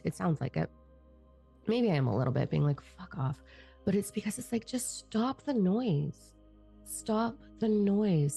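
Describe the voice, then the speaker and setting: A middle-aged woman spiritual teacher speaks in a casual, profane monologue, fired-up and blunt. Her voice sits low, with a gravelly fry and a warm, mellow tone. Faint music plays underneath.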